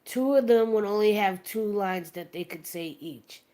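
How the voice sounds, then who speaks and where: A woman's voice: mid-range voice, moderate pace, warm tone. A woman hosting a livestream, chatting casually and retelling a funny story with plenty of restarts and acted-out quotes. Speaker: stream host.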